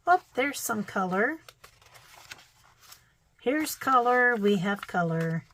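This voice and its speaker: A woman's voice: fairly high pitch, very animated, slow pace, a bit bright, slight background noise, low-quality recording. A middle-aged woman with a Midwestern American accent, chatting casually as she shows old quilting magazines, thinking aloud with fillers and little exclamations. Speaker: vlogger.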